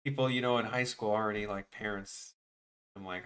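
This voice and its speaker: A man casually chatting while he works on a live stream, rambling and restarting his sentences, and turning animated and incredulous when he tells a story. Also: mid-range voice, moderate pace, smooth. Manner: rambling and offhand, trailing off and restarting.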